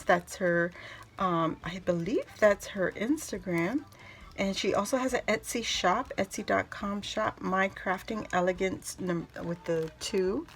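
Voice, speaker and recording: A woman crafting host opening birthday mail and gushing excitedly over each card and gift. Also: medium pitch. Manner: gushing, excitable, reads cards aloud. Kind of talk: casual unboxing chat.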